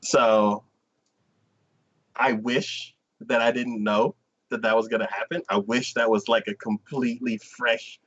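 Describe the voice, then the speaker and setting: A man co-hosting a casual anime talk stream, retelling scenes with lively enthusiasm. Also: medium pitch, measured pace, slightly rough, dull audio. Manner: animated storyteller who acts out scenes. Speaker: co-host.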